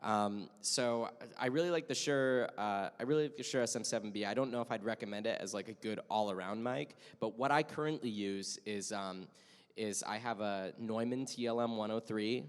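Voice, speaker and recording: A man's voice: fairly low pitch, normal speed, clear, resonant tone. A man speaking as a voice-acting panelist, chatty and detailed with many fillers, in casual convention talk. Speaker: panelist voice actor. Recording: echoey convention hall.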